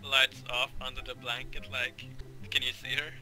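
A man's voice: mid-range voice, monotone, moderate pace, music in the background. A young man joining in casual game chat, full of crude teasing banter.

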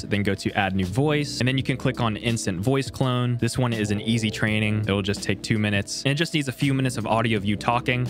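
Low-voiced man explaining a tech tutorial. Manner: relaxed, conversational, explains step by step. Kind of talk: casual screen-recorded tutorial.

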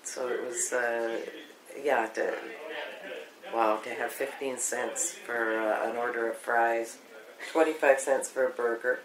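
A woman's voice: rumbling low, steady tone, crowd noise. Older woman reminiscing in an echoey room. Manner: rambling, reminiscing, many pauses. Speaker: oral history interviewee. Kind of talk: reminiscing interview.

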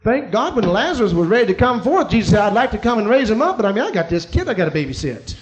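A man with a high, light voice preaches to his congregation, telling a personal story. He swings from quiet, confiding asides to emphatic, rising declarations. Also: big pitch swings, fast, highs cut off, slight background noise. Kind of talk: sermon.

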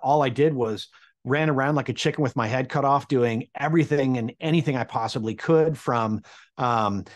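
A man in his forties telling a personal anecdote, acting out the people he quotes with big jumps in his voice. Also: mid-range voice. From Midwestern United States. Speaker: storyteller. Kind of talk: personal anecdote told to camera.

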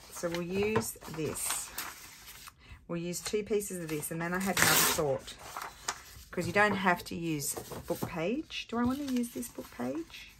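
A woman's voice: sits low, background noise. A woman hosting a casual craft tutorial, thinking aloud with many ums while she has the hiccups.

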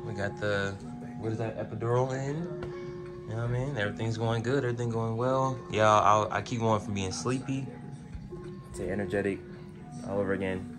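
A man's voice: fairly low pitch, fairly even intonation, brisk, over music. A young man casually vlogging from a hospital room, talking to his viewers in loose slang. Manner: laid-back, slangy, talks to viewers.

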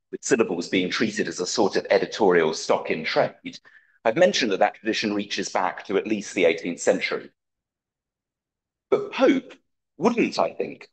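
A man giving a conference talk, reading an academic paper aloud in a measured, precise way with dry wit. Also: low-pitched, poor audio. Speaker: conference speaker.

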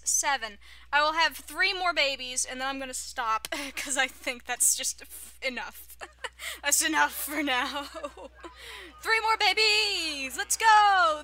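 A woman's voice: high-pitched, pushed and bright. A young woman giving casual, giggly commentary on her own video game playthrough, often chanting silly catchphrases. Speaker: gaming YouTuber. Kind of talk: casual let's-play commentary.

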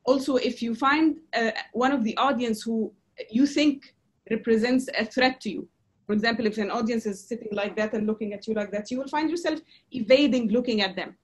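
A woman lecturing a class on presentation skills, her voice sitting a little high. She speaks haltingly, with frequent fillers and restarts. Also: slightly rough.

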